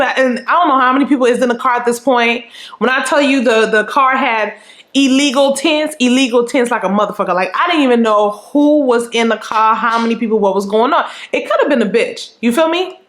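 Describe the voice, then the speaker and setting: A woman vlogger telling a story in casual chat, animated and profane, acting out scenes with quoted remarks. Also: fairly high pitch. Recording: roomy echo.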